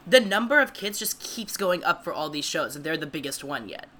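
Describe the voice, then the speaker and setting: A woman in casual comedic chat, animated and sarcastic, quick to laugh. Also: sits low.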